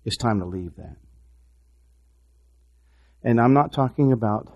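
A man preaching a sermon, swinging from hushed, repeated words to loud, impassioned exhortation. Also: medium pitch, lively intonation, a little slow, highs cut off. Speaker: pastor.

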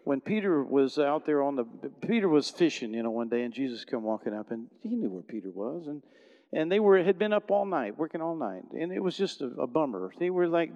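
A middle-aged man preaching a sermon in a conversational storytelling way, often restarting sentences and swinging between loud and soft. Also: on the high side, very animated, brisk, big-room sound, lo-fi sound. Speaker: pastor.

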